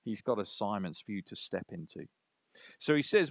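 A man preaching a sermon and reading scripture aloud, swinging from loud emphasis down to a hushed, near-whispered delivery. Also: fairly low pitch, animated, moderate pace, creaky, dry recording.

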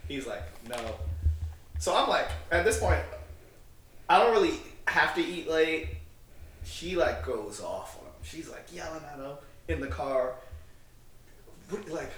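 A man's voice: a little high, lively intonation, a little slow, a bit bright. A male podcast co-host telling a rambling, casual story, full of filler words and acted-out dialogue. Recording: roomy, distant mic, faint noise.

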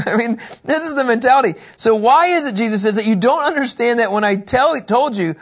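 High-voiced man teaching a Bible lesson. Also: fairly quick. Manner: animated, joking, acts out scenes; chats with people in the room.

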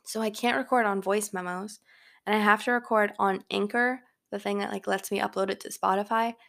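A woman's voice: mid-range voice, fairly even intonation, brisk, vocal fry, fairly bright tone. A young woman hosting a casual solo podcast from her bedroom, rambling with lots of filler words. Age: young adult. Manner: rambling, filler-heavy chatter. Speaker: podcast host. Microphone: home microphone.

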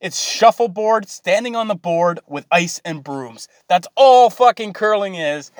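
A man's voice: high-pitched, a little slow, no room sound, clean studio sound. A Canadian man with a Canadian accent, ranting casually in a profane, rambling way that keeps drifting off track. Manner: profane, easily sidetracked, loose and rambling. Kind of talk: rambling comedic rant.

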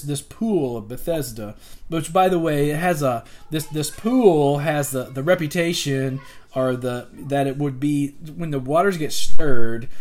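A man in his forties teaching a casual Bible lesson, retelling the story and acting out the characters' lines. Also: on the high side. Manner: animated, acts out the characters' lines.

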